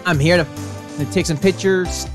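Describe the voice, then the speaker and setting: A woman's voice: on the low side, fairly even intonation, normal speed, music in the background, natural voice. A woman voicing a brash, pushy woman photographer from a video game, with a put-on Southern drawl and folksy, boastful talk.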